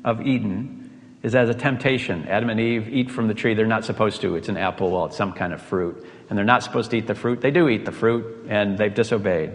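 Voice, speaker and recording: A man pastor giving a sermon, telling stories with quoted voices and rhetorical questions. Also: fairly low pitch. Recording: long reverb of a large hall.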